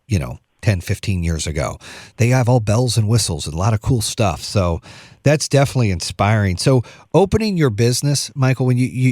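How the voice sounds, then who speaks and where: A man's voice: on the low side, a little mellow, no echo, studio quality. A middle-aged man hosting an interview, enthusiastic and bro-ish, often saying "dude.". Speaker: podcast host. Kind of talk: casual interview chat.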